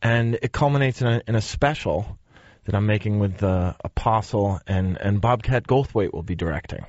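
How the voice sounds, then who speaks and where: A man's voice: lowish voice, normal speed, darkish tone, no room sound, muffled recording. A man with a Boston accent, a comedian guest answering easygoing and laughing often. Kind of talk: casual interview chat.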